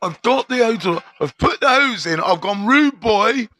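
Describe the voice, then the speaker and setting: A middle-aged man spins a prison tale live to his viewers, swearing freely and dropping street slang. His voice sits high for a man and comes across bright and sharp. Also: animated, measured pace, dry recording. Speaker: live-stream host. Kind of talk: storytelling on a live stream.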